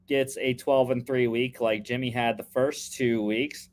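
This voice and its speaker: A man's voice: medium pitch, fairly even intonation, a little slow, a little mellow. Chatty man talking football picks. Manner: chatty, many fillers and restarts. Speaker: podcast co-host making football picks. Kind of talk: casual sports talk.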